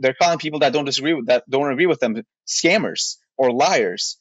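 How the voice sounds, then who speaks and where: A man in the middle of a podcast rant, blunt and exasperated, swearing as he pushes his point. His voice sits at an ordinary pitch. The audio is dry and a little muffled, like a lo-fi recording. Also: brisk, slightly rough, dry recording. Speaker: podcast co-host. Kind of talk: heated rant in casual podcast chat.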